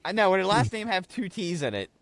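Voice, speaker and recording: Podcast co-host, male, fairly high voice, profane, animated storyteller, dry close mic. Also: fast, no room sound. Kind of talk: casual chat.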